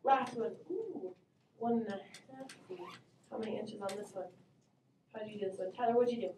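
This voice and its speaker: A woman math teacher runs her class in a fairly high, mellow voice, brisk and upbeat. She asks questions and calls on students one after another. The sound is roomy and distant, with a faint hum behind her. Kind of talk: classroom instruction. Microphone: distant camera mic.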